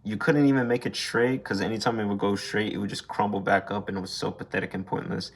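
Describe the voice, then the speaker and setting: A man's voice: on the low side, little pitch movement, fast, gravelly, husky. A young man casually reviewing an action figure, rambling, swearing freely and airing blunt gripes. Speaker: toy reviewer. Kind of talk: casual unscripted toy review.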